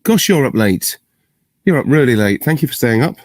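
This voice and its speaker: A man's voice: mid-range voice, big pitch swings, normal speed, no echo. A middle-aged man, answering fan questions in a casual video Q&A and thinking aloud in rambling, self-interrupting, good-humoured talk. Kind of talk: casual virtual Q&A. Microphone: video call.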